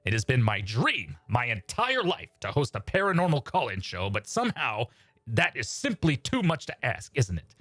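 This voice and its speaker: Man doing a smooth late-night radio host. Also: mid-range voice, huge pitch swings, moderate pace, fairly bright tone, dry recording. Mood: exasperated. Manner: smooth public-radio narrator delivery.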